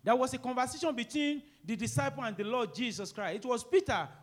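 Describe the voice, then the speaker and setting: A middle-aged man preaching a sermon, swinging between loud emphatic rises and quiet, low asides. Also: lively intonation, quick pace. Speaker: pastor.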